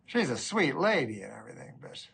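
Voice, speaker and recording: Deadpan male stand-up comic, lively pitch. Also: vocal fry, long reverb tail. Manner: dry, deadpan storytelling with halting pauses. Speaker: stand-up comedian. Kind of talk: stand-up comedy set. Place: comedy stage.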